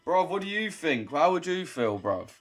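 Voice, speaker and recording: A man's voice: a little high, big pitch swings, moderate pace, soft background music. A young man hosting a casual livestream call, blunt and mocking and swearing freely. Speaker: livestream host. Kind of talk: casual livestream banter with callers.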